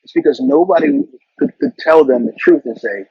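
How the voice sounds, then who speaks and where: Husky middle-aged man giving career advice. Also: fairly high pitch, animated, moderate pace, no echo. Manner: earnest, advice-giving, with frequent repeated words. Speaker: interview guest, corporate marketing executive. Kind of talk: casual conversational interview. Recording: dull, lo-fi sound.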